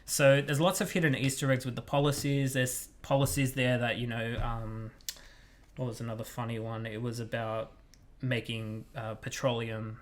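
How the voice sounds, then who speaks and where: Casting note: male podcast co-host, eager and chatty, medium pitch. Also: level tone, moderate pace. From Italy. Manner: enthusiastic game recommending. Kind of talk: casual chat.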